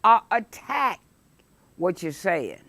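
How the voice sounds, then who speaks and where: A woman pastor delivers a Bible study sermon at an unhurried, deliberate pace, stretching out her key phrases. Her voice is bright and forceful, and it sounds close and dry. She reads scripture with dramatic fire. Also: on the low side, sing-song, gravelly, dry recording. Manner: emphatic preaching, calls out "Woo!", reads scripture dramatically.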